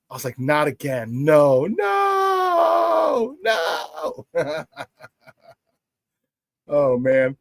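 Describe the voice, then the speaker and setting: A man's voice: high voice, no echo. A middle-aged man hosting a live morning sports talk show, hyped and boisterous, laughing often as he reads out viewer comments.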